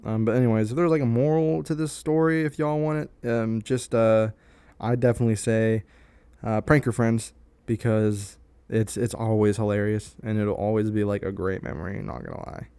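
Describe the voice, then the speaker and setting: A man's voice: fairly low pitch, fairly even intonation, normal speed, warm tone, clear, resonant tone, dry recording. A young man casually telling a story to the camera in a rambling way, with many fillers and restarts. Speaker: vlogger.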